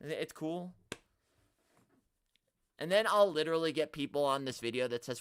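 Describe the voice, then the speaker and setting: A man hosting a live stream, ranting at the chat in an animated, exaggerated way and swearing often. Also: on the high side, normal speed, clear, resonant tone. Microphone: studio mic, no camera.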